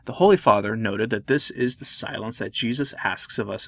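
A man hosting a Catholic commentary video, reading his scripted remarks in an earnest, measured way. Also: fairly low pitch, vocal fry.

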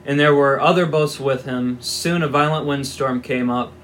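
A man's voice: medium pitch, steady tone, normal speed, a bit bright, a little hiss or hum. A man giving an informal Bible teaching, reading scripture aloud and explaining it in a conversational, wry way with asides.

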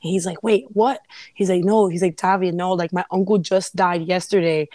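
A woman in casual chat, telling a story in an animated way and acting out the quotes. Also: lowish voice, normal speed, dry recording.

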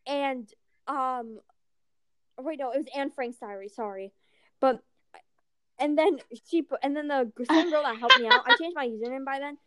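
A young woman telling stories in casual chat, acting out the people she quotes and swearing freely. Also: high-pitched. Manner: animated, acts out quotes, swears.

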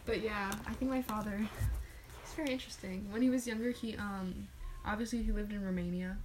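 A woman's voice: mid-range voice, fairly even intonation, fairly quick, slight background noise. A young woman co-hosting a casual podcast chat, talking loosely with lots of fillers and restarts. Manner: chatty, many fillers and restarts. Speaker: podcast co-host.

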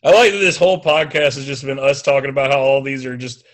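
A man's voice: medium pitch, fast talker. A middle-aged man with a Southern US accent, co-hosting a podcast and telling stories in a joking, casual way. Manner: joking, storytelling. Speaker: podcast co-host. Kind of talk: casual chat.

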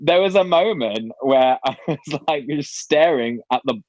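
A man's voice: fairly high pitch, animated, unhurried, a little mellow, muffled recording. A man, a drag performer, chatting casually on a panel and laughing through his stage stories.

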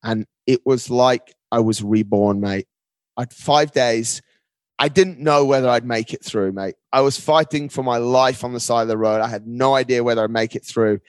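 A male guest recounts his story with animated energy, dropping "mate" into nearly every sentence. His voice sits in a middle register. The recording is dry and close, with no room sound. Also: mid-range voice, normal speed, clear, resonant tone, no room sound. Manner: animated, often says "mate". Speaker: podcast guest. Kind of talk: casual storytelling conversation.

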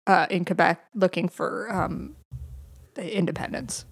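A woman's voice: fairly low pitch, breathy edge. Dry-witted woman answering quiz questions. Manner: quick guesses, dry teasing. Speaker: quiz contestant. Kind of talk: casual quiz chat.

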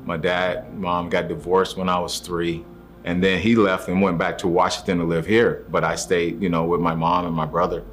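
A man's voice: low-pitched, little pitch movement, moderate pace. A man giving a personal faith testimony, telling his story earnestly and acting out the voices of the people in it. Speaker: testimony speaker. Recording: soft music underneath.

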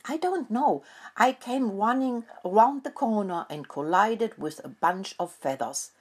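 A woman's voice: medium pitch, animated, measured pace, slightly rough, voice pushed up. A woman voicing a timid, trembling and clumsy young rat in a storybook, talking in a nervous, flustered way.

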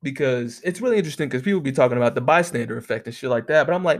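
Talking very fast in a mid-range voice, an American man delivers a comedic monologue full of rambling stories and rants. He curses constantly and stays animated throughout.

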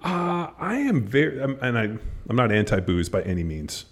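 A man telling stories in a casual chat, animated and swearing freely, acting out what people said. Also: medium pitch, moderate pace. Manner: animated storytelling, swears a lot, acts out quotes.

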